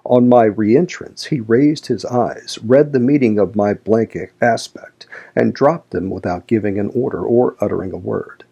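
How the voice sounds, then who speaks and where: Audiobook narrator, male, low husky voice, measured classic-novel reading. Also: mellow, lo-fi sound. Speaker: audiobook reader.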